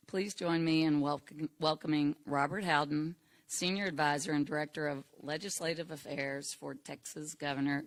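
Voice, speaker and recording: A chairman of an organization giving a formal, measured prepared speech at an indoor ceremony on a podium microphone. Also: mid-range voice, a bit bright. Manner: measured, formal, read from a script.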